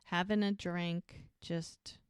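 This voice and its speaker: A woman's voice: lowish voice, level tone, clear, resonant tone, no room sound, clean studio sound. A woman co-hosting a podcast, casually recapping a show and acting out the characters' lines. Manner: acts out characters' lines in quick impressions. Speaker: podcast co-host.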